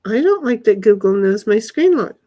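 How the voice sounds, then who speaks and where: A woman's voice: mid-range voice, big pitch swings, moderate pace, dark tone. A woman live streaming from her backyard, rambling casually to herself and her chat and swearing now and then. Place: backyard, outdoors.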